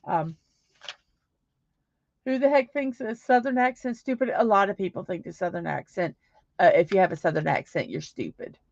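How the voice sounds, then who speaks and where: Speaking at normal speed with vocal fry and long pauses, this medium-pitched woman hosts a casual livestream. She rambles while reading viewer comments, offering warm thanks and frequently restarting, on dry, slightly dull audio with no echo.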